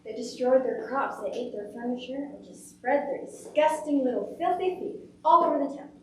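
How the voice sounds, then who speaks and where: A woman telling a folk tale on stage in a lively, dramatic way. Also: high-pitched, normal speed, slight background noise. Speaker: storyteller. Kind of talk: oral storytelling performance. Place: performance venue. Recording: echoey room from far off.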